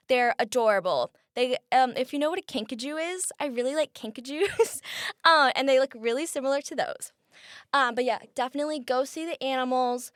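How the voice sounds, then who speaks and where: A woman's voice: fairly high pitch, fairly bright tone, smooth, no room sound, clean studio sound. A woman in her twenties from the United States, chatting casually as a podcast guest, bubbly with frequent ums. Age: 20s. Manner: bubbly, laughs often, many ums. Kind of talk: casual interview chat.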